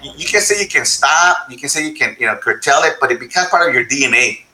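Bright-voiced bilingual man, echoey room. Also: mid-range voice, fast, a little hiss or hum. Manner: animated, mixes Spanish and English, says "right?" often. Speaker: panel guest. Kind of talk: panel discussion.

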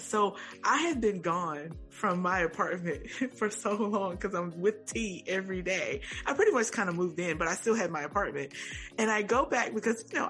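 A woman co-hosting a podcast, telling a funny story in an animated, laughing, chatty way. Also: medium pitch. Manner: animated, laughing, exclaiming, talks to listeners as "y'all". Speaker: podcast co-host. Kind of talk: casual chat, storytelling.

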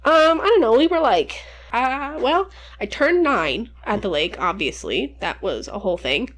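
A woman's voice: fairly high pitch, big pitch swings, moderate pace, slight background noise. Young woman rambling thru a swear-heavy story, voice bouncing all over. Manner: rambling, profane, laughing storyteller. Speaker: podcast co-host. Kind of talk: casual storytelling chat.

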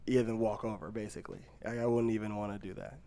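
A man's voice: lowish voice, steady tone, quick pace, warm tone. Laid-back young man in casual chat. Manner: rambling, laughs often, many fillers. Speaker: podcast co-host.

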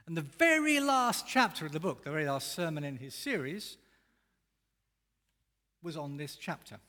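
A man preaching a sermon as pastor, with emphatic, expressive delivery that rises and falls in intensity. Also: a little high, moderate pace, big-room sound.

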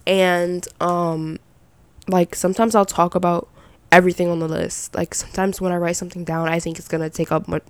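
A young woman hosting her own podcast, chatting loosely with lots of "like" and side thoughts, in a slightly raspy voice. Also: fairly low pitch, flat delivery, brisk, no room sound. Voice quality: slight rasp. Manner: rambling, chatty, with filler 'like' and self-doubting asides. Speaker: podcast host. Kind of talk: casual solo podcast chat.

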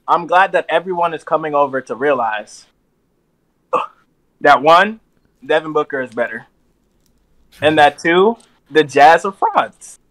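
Man, slightly high voice, animated and profane in casual sports banter. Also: unhurried, long pauses. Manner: animated, profane storytelling with frequent "bro". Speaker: podcast co-host.

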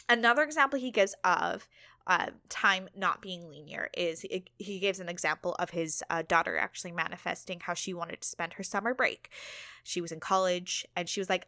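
A woman's voice: lowish voice, normal speed, bright, forceful tone, no room sound, clean studio sound. A woman hosting a solo podcast, talking casually and candidly, swearing now and then and laughing at herself. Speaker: podcast host.

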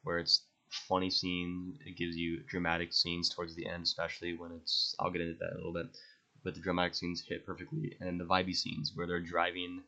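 Young guy rambling about his fave movies, low flat voice, bright tone, kinda lo-fi mic. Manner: rambling, enthusiastic, swears freely. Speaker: podcast host. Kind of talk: casual movie ranking monologue.

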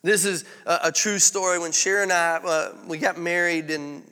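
A man's voice: a little high, fairly even intonation, moderate pace, sharp tone, clear, resonant tone, in a large hall. A male pastor preaching a sermon in a candid, conversational storytelling way.

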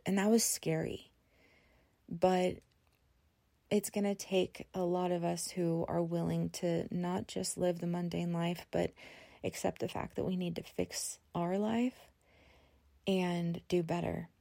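A woman's voice: on the low side, little pitch movement, slow pace, vocal fry, dark tone, no echo. A middle-aged woman hosting a podcast, sharing her personal testimony in an earnest, emotional way with many restarts. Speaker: podcast host.

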